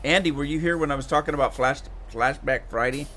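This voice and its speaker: A man from the Pacific Northwest of the United States chats casually with his live stream viewers while playing a farming game. He rambles with plenty of fillers and asides to chat, his voice on the high side, fairly bright, and quick.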